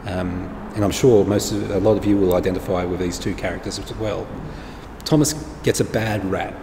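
A man's voice: sits low, steady tone, moderate pace. Man preaching in an echoey hall. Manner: plain-spoken, informal and explanatory. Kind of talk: conversational sermon to an online congregation. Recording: echoey hall with faint background noise.

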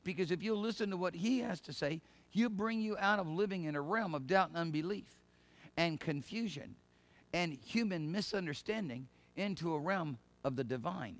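A middle-aged male pastor giving a sermon in an emphatic, conversational way, with laughs and quick asides. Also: fairly high pitch.

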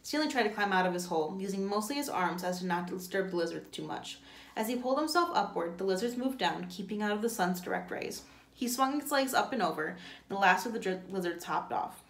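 A teacher reading a novel aloud in a plain way, now and then stumbling and correcting herself. Her voice is at a middle pitch and echoes around the room. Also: expressive, quick pace.

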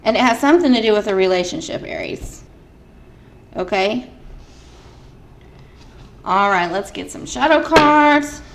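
A woman's voice: mid-range voice, lively intonation, unhurried, creaky, long pauses, slight background noise. A woman giving a casual spiritual card reading straight to camera, chatty and emphatic. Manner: chatty, emphatic, lots of filler "like". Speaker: tarot card reader.

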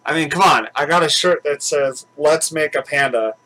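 A man's voice: fairly high pitch, normal speed, pushed and bright, poor audio. A man hosting his own channel at home, chatting casually and rambling with lots of fillers and restarts. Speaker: channel host. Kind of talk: casual chat.

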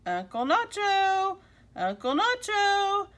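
A woman voicing an excited young schoolgirl visiting her uncle. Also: on the high side, measured pace. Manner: bright, excited calling out. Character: cheerful young schoolgirl niece.

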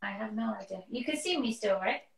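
A woman's voice: fairly high pitch, lively intonation, brisk, vocal fry. A young woman from the UK, a guest on a live video call, chatting casually and laughing easily. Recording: echoey video call from a distance.

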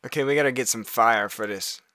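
A man's voice: medium pitch, a little fast, pushed and bright, dry recording, studio quality. A man casually commentating a multiplayer game, rambling and laughing often. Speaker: gaming video host.

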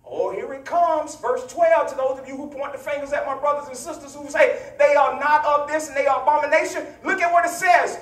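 A man's voice: very high voice, fast, few pauses. A male pastor preaching a teaching sermon, playful and hollering, trading call-and-response with his congregation. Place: church sanctuary. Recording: echoey church, voice from far off mic.

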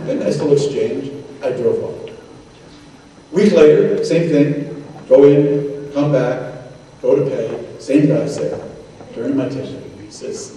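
A man's voice: mid-range voice, a little slow, warm tone. Older male lecturer, chatty anecdotes, distant in a big echoey room. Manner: anecdotal, conversational, quotes people in dialogue. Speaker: guest lecturer. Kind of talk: storytelling lecture. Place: synagogue hall. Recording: echoey hall, distant mic, noisy.

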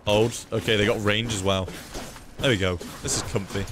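Young gamer on a desk mic, relaxed, cursing, fairly low voice, faint music behind. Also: male voice, normal speed. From United Kingdom. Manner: relaxed, swears freely, reads chat aloud. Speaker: streamer. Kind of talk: casual live gameplay commentary.

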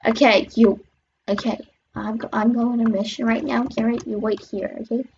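A woman hosting a gaming channel, giving excitable, chatty running commentary on her gameplay with sudden squeals. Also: fairly high pitch, moderate pace, gravelly, lo-fi sound, slight background noise.

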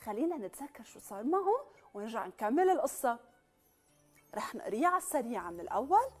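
A woman's voice: a little high, sing-song, rapid-fire, soft background music. A woman, teaching children English by reading a storybook aloud and asking them questions in a coaxing way.

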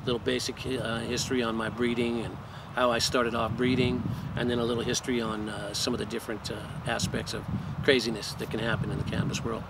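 A man's voice: mid-range voice, flat delivery, fast, gravelly, very noisy. A man hosting his own channel, telling a story in a laid-back, profane way and saying "man" at the end of many phrases. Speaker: cannabis breeder and channel host. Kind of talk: casual storytelling.

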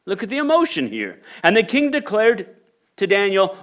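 A man's voice: on the high side, very animated, a little fast, fairly bright tone. A male pastor preaching a sermon, reading scripture aloud and building to emphatic rhetorical questions. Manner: repeats and restarts phrases while reading scripture aloud.

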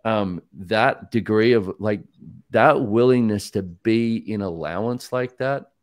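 A man's voice: fairly low pitch, slow, dry recording. A man speaking as a guest in a casual conversation, reflective and thoughtful.

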